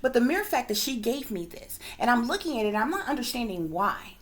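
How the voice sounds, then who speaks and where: A woman, a psychic reader, telling a long story to her viewers in a rambling, emphatic way, swearing freely and sometimes dropping to a hushed whisper. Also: fairly high pitch, very animated, fairly quick. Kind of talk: casual storytelling monologue to viewers.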